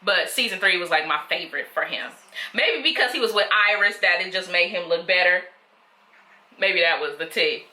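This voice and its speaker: A woman's voice: on the low side, lively intonation, normal speed, sharp tone, reverberant. A woman giving casual, opinionated reaction commentary to viewers, chatty and slangy, calling her audience "girl". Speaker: reaction vlogger.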